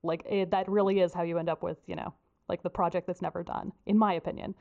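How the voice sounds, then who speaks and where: A woman's voice: fairly low pitch, steady tone, quick pace, creaky, a little mellow. A woman host in casual chat, frank and chatty with lots of fillers. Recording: dull lo-fi recording.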